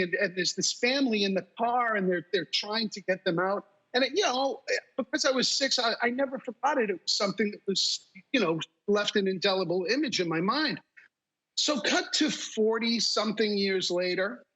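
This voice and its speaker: A man's voice: high-pitched, slightly rough, highs cut off. A middle-aged man, a talk show guest, telling a story with animation and acting out what people said. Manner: animated, acts out quotes.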